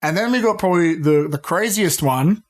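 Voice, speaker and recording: Excitable, foul-mouthed man on a podcast. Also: sits high, moderate pace. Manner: excitable, swears freely, says "dude". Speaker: podcast co-host. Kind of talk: casual pop-culture chat.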